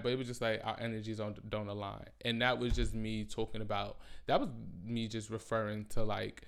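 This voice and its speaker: A young man hosting a podcast, telling a personal story in a rambling, profane, slangy way that keeps circling back on itself. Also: fairly low pitch. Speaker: podcast host. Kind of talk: casual storytelling monologue.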